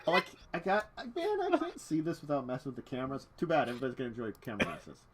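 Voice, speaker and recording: A man's voice: medium pitch, sing-song, rapid-fire, crowd noise. A man running a tabletop game stream as game master, chatting casually and laughing at his own technical troubles. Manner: chatty, self-deprecating, laughs often.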